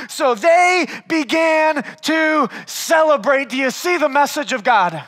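A man preaching a sermon as pastor, conversational and animated, swinging between loud and hushed, and often calling listeners "man". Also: extremely high pitch, takes it slowly, few pauses.

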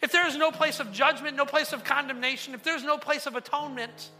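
A man's voice: very high-pitched, steady tone, quick pace, sharp tone, faint music behind, voice pushed up, heavily acted. A man voicing a scheming male demon who lays out his argument. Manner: persuasive, building.

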